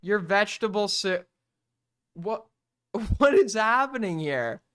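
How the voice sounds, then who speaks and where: A man's voice: high voice, animated, slow pace, very noisy. A man streaming, reacting to a video with blunt, profane, exasperated commentary.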